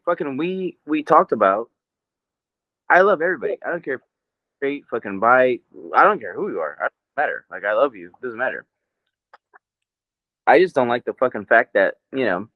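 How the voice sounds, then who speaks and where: A man's voice: medium pitch, no echo. American male podcast co-host, rambly and profane, dry dull recording. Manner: profane, rambling, laughs often. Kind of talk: casual chat.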